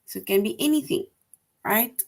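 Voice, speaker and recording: A woman's voice: fairly high pitch, expressive, moderate pace, gravelly. A woman teaching a grammar lesson to young children, patient and repetitive, often checking with "right?".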